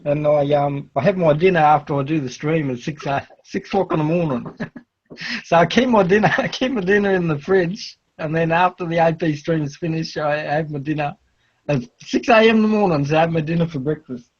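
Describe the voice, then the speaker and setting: A man's voice: on the high side, fairly quick, slightly rough, dull audio. A man with an Australian accent doing rambling, laugh-filled casual commentary on a live stream. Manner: rambling, laughs often, restarts.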